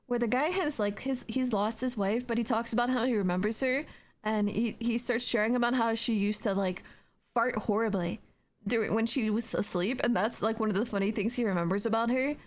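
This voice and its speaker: Streaming on Twitch from her home, a young woman reads chat out loud and banters playfully, her talk meandering and full of filler words, broken up by yawns. She speaks somewhat high and fairly quickly.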